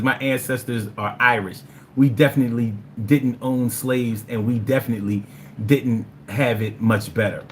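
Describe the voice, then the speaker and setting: A man streaming live, talking casually and answering his chat in a blunt, profane way. His voice sits fairly high for a man and swings widely in pitch, so his talk sounds lively and animated. A faint noise hums underneath. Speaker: livestreamer reading viewer chat.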